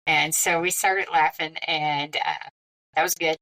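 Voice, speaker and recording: Give me a middle-aged woman with a bright, lowish voice, chatting through a personal story, slightly distant from the mic. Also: measured pace. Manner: lively, conversational, with frequent quoted dialogue. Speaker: podcast guest.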